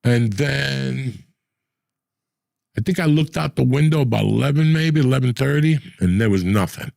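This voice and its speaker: A man's voice: mid-range voice, moderate pace, gravelly, no echo. An older man telling long, profane, rambling stories as a podcast host in casual chat. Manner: profane, rambling, animated storyteller.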